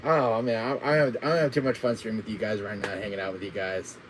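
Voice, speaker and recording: A man's voice: fairly low pitch, fairly even intonation, fast talker, a little hiss or hum, poor audio. A man chatting casually on his gaming livestream, laughing constantly at his own jokes. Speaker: gaming streamer.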